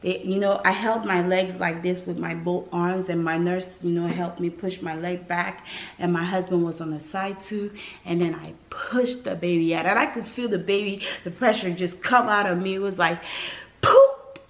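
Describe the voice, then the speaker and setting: A young adult woman from West Africa telling a personal story to camera in a vlog, animated and emphatic, acting out what people said. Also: lowish voice, normal speed. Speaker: vlogger.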